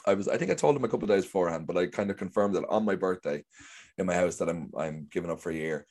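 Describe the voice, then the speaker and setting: A man's voice: sits low, rapid-fire, a little mellow. A young Irish man telling stories in casual conversation, rambling and acting out what people said. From Ireland. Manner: chatty, rambling storyteller who acts out quotes. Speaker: guest actor. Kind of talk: casual chat.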